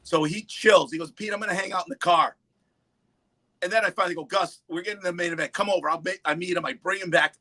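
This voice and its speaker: His voice sits high and he talks fast on a rough recording with no echo. A livestream panelist at home on the East Coast, he tells stories in casual chat, animatedly acting out quotes and swearing without restraint.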